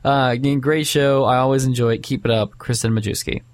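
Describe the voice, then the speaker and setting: A man co-hosting a casual podcast, reading a listener email aloud with halting filler pauses and quick asides. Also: mid-range voice, fairly even intonation, no echo.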